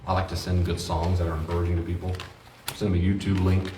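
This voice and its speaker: A man with a deep voice teaches a class on grief, earnestly acting out little exchanges to make his point. He is heard from some distance in an echoey room, with a faint hiss of noise behind him. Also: flat delivery, quick pace, a little mellow. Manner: earnest, acts out short exchanges. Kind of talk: classroom lecture with role-play examples.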